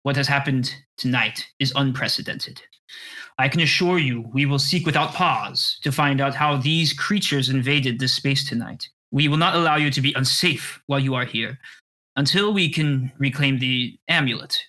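A dignified male centaur who directs a magical academy, measured and formal in every line , as a man gives him voice. His tone is bright and reassuring, the cadence of a tabletop fantasy game. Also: medium pitch, natural voice. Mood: solemn.

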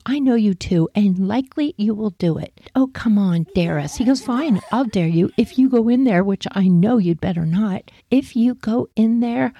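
A woman's voice: medium pitch, gravelly, slightly rough. A middle-aged woman telling a funny personal story, laughing often and acting out the quotes. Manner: animated, laughing, acts out quotes.

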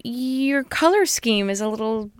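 A woman's voice: on the high side, expressive, a little slow, smooth, dry recording, clean studio sound. Chatty woman improvising a flustered mom. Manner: chatty, flustered, shifts between characters. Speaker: comedy podcast co-host. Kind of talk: improvised comedy scene.

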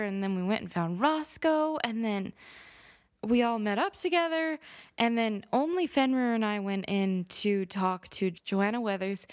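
A woman, a tabletop game player, recapping the last session in a halting, thinking-aloud way. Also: medium pitch, no echo, studio quality.

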